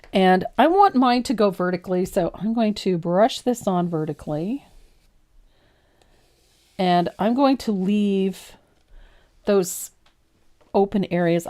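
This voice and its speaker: Woman host, live painting lesson; lowish, chatty, self-deprecating, easy laugh. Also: mellow.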